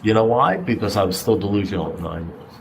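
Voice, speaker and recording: A man's voice: lowish voice, quick pace, gravelly, a little hiss or hum, poor audio. A middle-aged man speaking at a recovery meeting, blunt and conversational, throwing out rhetorical questions and the odd curse. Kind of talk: personal share at a recovery meeting.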